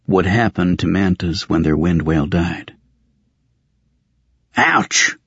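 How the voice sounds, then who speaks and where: A man's voice: low voice, steady tone, normal speed, a little mellow, slightly rough, dry recording, lo-fi sound. A man narrating a fantasy audiobook in the first person, in a dry, wry, world-weary tone.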